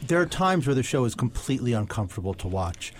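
A man hosting a podcast interview, talking in a relaxed, thoughtful way with halting restarts. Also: medium pitch, a little hiss or hum. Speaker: podcast host. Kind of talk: casual interview chat.

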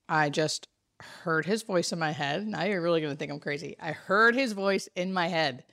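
A woman, a hospice nurse telling a story in casual chat, animated and full of fillers. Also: lowish voice, dry recording, clean studio sound. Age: 30s.

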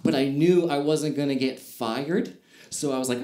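A man's voice: medium pitch, steady tone, a little fast, a little mellow, echoey room. A man doing stand-up comedy on stage, telling stories in a loose, conversational way. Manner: conversational storytelling with fillers and asides.

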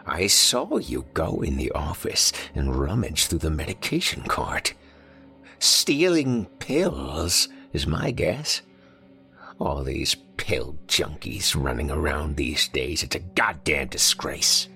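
A hissing, papery-voiced old man , voiced by a male storyteller, who menaces with slow, sneering threats and sometimes drops to a whisper. The voice sits very low and gravelly, with faint music behind it. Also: sing-song, bright, forceful tone, exaggerated voice.

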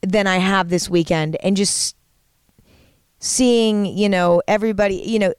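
A woman's voice: mid-range voice, fairly even intonation, unhurried, clean tone, dry recording, studio quality. A woman hosting a podcast, talking in a casual, earnest and rambling way, full of fillers and restarts. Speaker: podcast host. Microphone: studio microphone.

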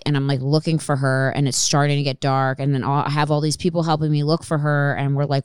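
A young adult woman hosting a podcast, telling stories in an animated, emotional way. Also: low voice, a little fast, hardly any pauses, clean tone, no room sound, studio quality. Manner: animated, emotional storytelling with many "like"s. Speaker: podcast host. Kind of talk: casual chat.

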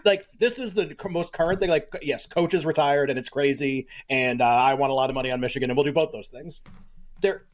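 A man co-hosting a sports talk show, riffing in an animated, incredulous way and often restarting his sentences. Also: on the high side. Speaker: sports radio co-host.

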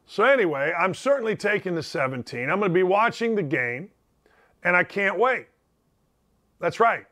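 Middle-aged male sports host, high-pitched, theatrical and jokey, emphatic rants from a home basement. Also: very animated, normal speed, pushed and bright. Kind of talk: animated sports talk monologue.

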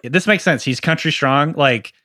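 A man's voice: a little high, moderate pace, sharp tone, no room sound. A man co-hosting a sports podcast in casual chat, easygoing and trailing off with fillers. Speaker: podcast co-host.

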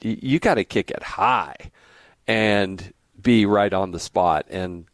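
A man's voice: on the low side, slow pace, no echo. A middle-aged man hosting a podcast, chatting casually and animatedly, often breaking in with side notes. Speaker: podcast host. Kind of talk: casual interview chat.

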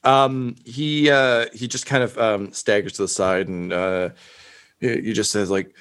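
A man's voice: on the low side, steady tone, a little slow, fairly bright tone, smooth. A man narrating as game master of a tabletop game, casual and profane, laughing often with many fillers.

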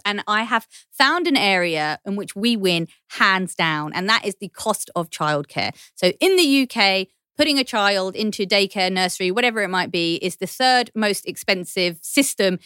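A woman's voice: medium pitch, expressive, normal speed, few pauses, fairly bright tone, clean tone, no echo, studio quality. A British woman, a guest podcast host, chatting casually and laughing often. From United Kingdom. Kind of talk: casual chat.

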